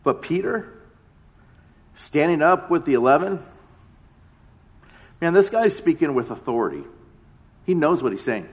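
A man's voice: on the high side, sing-song, measured pace, pauses often. A man in his thirties, a pastor giving a conversational sermon that often repeats its phrases.

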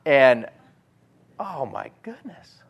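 A man preaching a sermon, animated, moving between loud emphatic lines and quiet asides. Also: medium pitch, very slow, slightly rough.

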